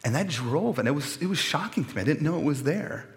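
A man's voice: fairly high pitch, expressive, fast talker. A man in his thirties preaching a sermon in an earnest, conversational way that swells with feeling. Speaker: pastor. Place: church sanctuary. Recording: long church reverb.

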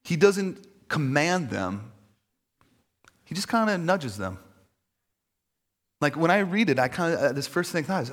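A man's voice: fairly high pitch, very animated, measured pace, pauses often, fairly bright tone. A male pastor preaching a sermon in a conversational, self-deprecating way, with many fillers.

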